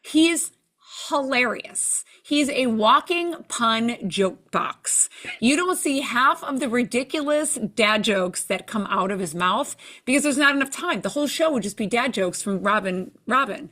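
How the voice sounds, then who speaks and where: A woman guest in a casual interview, telling lively stories and acting out what people said. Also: fairly high pitch, unhurried. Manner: animated storyteller, acts out quoted lines. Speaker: TV show judge, interview guest.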